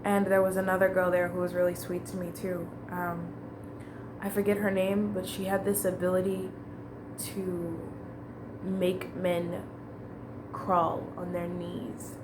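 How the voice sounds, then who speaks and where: A woman's voice: lowish voice, completely flat delivery, a little slow, background noise. A woman telling a long personal story in a casual, rambling way, with fillers and restarts.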